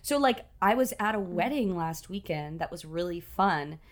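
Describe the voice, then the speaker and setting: A woman co-hosts a podcast from her home in Los Angeles, chatting casually and talkatively with frequent fillers and laughs. Her voice is fairly low, animated, and at a moderate pace.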